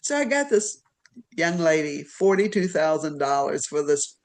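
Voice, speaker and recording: A woman from Virginia, a literary agent, telling stories as a podcast guest in an animated, rambling way. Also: deep voice, unhurried. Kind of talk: storytelling in an interview.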